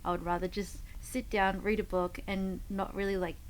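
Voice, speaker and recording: A woman's voice: medium pitch, flat delivery, moderate pace, slight background noise, low-quality recording. A woman, a fitness coach, telling rambling stories in a casual podcast chat. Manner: rambling storyteller with many fillers and restarts.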